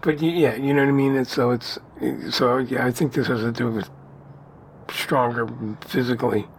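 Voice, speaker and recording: A man's voice: medium pitch, fairly even intonation, moderate pace, slight background noise. A man co-hosting a podcast in casual, rambling conversation, often laughing. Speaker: podcast co-host.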